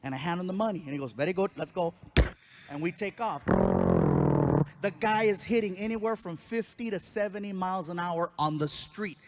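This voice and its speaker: A man doing stand-up comedy on stage, telling a story in an animated way with sound effects and voices. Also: high voice, fairly quick, noisy background.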